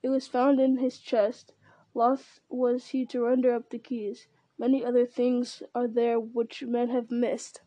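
A woman's voice: on the high side, monotone, unhurried, dark tone, no echo, natural voice. A woman reading as a dutiful royal guard.

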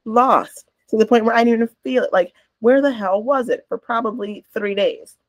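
A woman's voice: on the high side, normal speed, dry recording, lo-fi sound. A woman co-hosting a podcast, telling stories bluntly and candidly in casual chat. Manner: blunt, candid storytelling with swearing. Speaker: podcast co-host.

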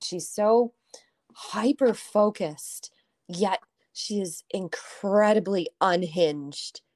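A woman's voice: medium pitch, very slow, a little mellow. A woman in a casual film discussion, weighing her thoughts and laughing easily.

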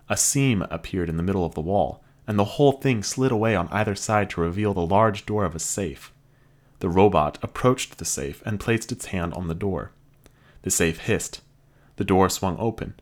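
A man narrating a science-fiction story in an expressive, dramatic reading style. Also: low-pitched. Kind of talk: scripted audiobook narration.

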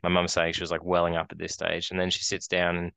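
A man's voice: low voice, completely flat delivery, quick pace, creaky, fairly bright tone, smooth, no room sound. An Australian man in his forties, co-hosting a podcast and telling a long rambling story with many restarts. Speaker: podcast co-host. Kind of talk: casual chat.

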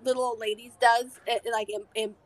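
A woman narrating as game master of a tabletop game, halting often with fillers and restarts. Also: on the high side, level tone.

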